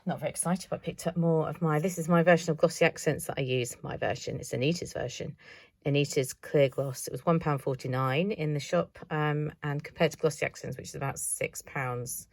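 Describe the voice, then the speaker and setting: A woman's voice: low-pitched, steady tone, fairly quick, no echo. A woman showing her craft haul in a casual, chatty vlog, thinking aloud with self-mocking asides. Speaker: craft vlogger.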